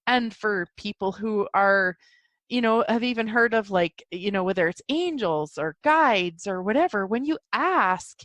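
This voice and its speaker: A woman's voice: mid-range voice, lively intonation, measured pace, a bit bright, no echo. Giggly, sleepy woman podcast host. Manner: giggly, rambling, spiritual. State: yawning, sleepy. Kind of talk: casual solo podcast talk.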